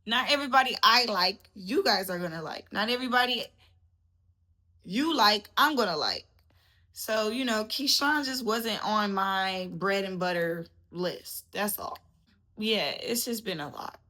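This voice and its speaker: A woman's voice: medium pitch, a little slow, pushed and bright. A woman hosting a casual boxing commentary vlog, chatty and laughing, calling her viewers baby. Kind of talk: casual chat to camera.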